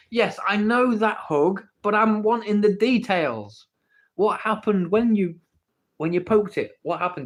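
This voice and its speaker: An English man hosting a casual livestream, reading the chat and playfully pestering viewers for the story. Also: high voice. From England. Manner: playful, teasing, pleading for the story. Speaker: livestream host. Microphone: phone.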